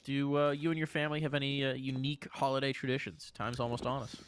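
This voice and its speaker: A man's voice: medium pitch, flat delivery, quick pace, a little hiss or hum. A man calling esports play-by-play with energy, his voice rising sharply on big plays. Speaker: esports caster.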